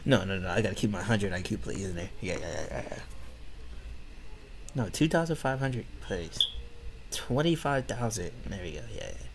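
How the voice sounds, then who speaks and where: Gaming youtuber guy, grumbly and slangy, wildly varied pitch, noisy mic with game sounds behind. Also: animated, normal speed, gravelly. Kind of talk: casual gameplay commentary.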